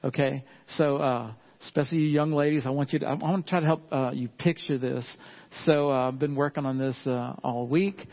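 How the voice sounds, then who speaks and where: A man's voice: medium pitch, fairly even intonation, brisk. A middle-aged man preaching a sermon in a folksy way, often turning to the congregation with asides. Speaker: pastor. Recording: dull lo-fi sound.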